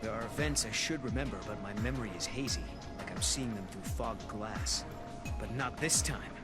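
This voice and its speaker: Earnest young game hero, guy voicing him, calm and thoughtful, loud game music under him. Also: on the low side, moderate pace, close to an everyday voice. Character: earnest young male time-travelling hunter.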